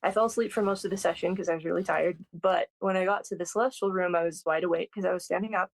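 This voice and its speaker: A guest in their thirties tells a personal story in a thoughtful, hesitant way, with many pauses and restarts. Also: medium pitch, steady tone, creaky, poor audio. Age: 30s. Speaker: podcast guest.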